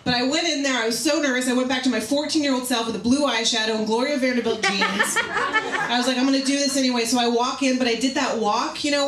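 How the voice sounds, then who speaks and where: A woman in her thirties doing a stand-up comedy set in a bar, telling bawdy stories with animated, acted-out quotes. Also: fairly high pitch. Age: 30s. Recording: echoey club with loud noise. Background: audience laughter.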